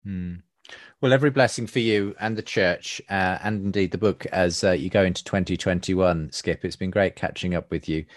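A man's voice: deep voice, normal speed, no room sound, studio quality. A man, hosting a podcast interview in a friendly, conversational way. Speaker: podcast host. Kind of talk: casual interview chat.

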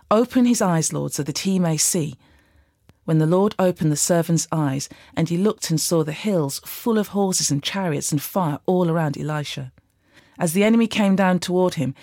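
A woman giving a measured, steady scripted reading of scripture. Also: on the low side, no room sound, clean studio sound. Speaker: Bible reader.

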